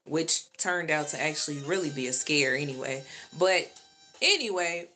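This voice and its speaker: A woman's voice: deep voice, lively intonation, moderate pace, pushed and bright, soft background music. A woman vlogger in a casual monologue, talking straight to her viewers and repeating points for emphasis.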